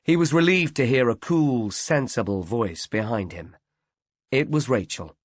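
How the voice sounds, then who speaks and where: A man reading a mystery novel aloud in a measured, expressive way. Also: mid-range voice, no room sound. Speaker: audiobook narrator. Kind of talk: scripted narration.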